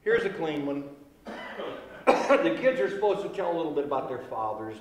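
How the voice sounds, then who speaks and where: A man's voice: fairly high pitch, very animated, normal speed, noisy background. A man telling jokes to friends, in a loose, chatty storytelling manner. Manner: loose storytelling, laughs at his own punchlines. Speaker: comedian. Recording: echoey room with long reverb, faint ambience.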